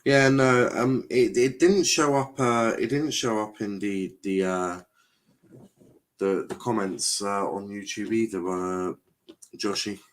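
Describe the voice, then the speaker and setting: A man's voice: fairly low pitch, fairly even intonation, slow pace. A young man streaming a football watchalong, chatting casually, reading viewer comments aloud and repeating himself with lots of fillers. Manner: rambling, repeats phrases, many fillers.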